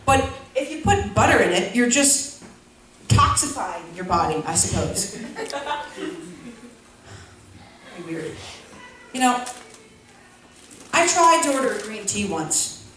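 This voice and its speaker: A woman's voice: on the high side, sing-song, slow pace, pauses often, a bit bright, slight background noise. Young woman doing rambling stand-up. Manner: rambling, self-deprecating delivery with frequent fillers. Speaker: stand-up comic. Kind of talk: stand-up comedy set. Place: school auditorium before a laughing audience. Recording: echoey hall from far off.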